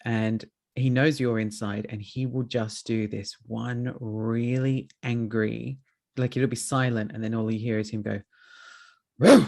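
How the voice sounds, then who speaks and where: Man, podcast host, casual storytelling, animated, swears freely. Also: mid-range voice, measured pace, creaky. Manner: lively storytelling, swearing, acting out his dogs. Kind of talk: casual chat.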